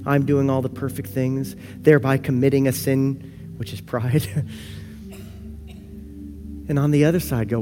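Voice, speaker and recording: A man preaching a sermon as pastor, earnest, moving between soft slow passages and lively, louder ones. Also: medium pitch, over music. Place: church sanctuary.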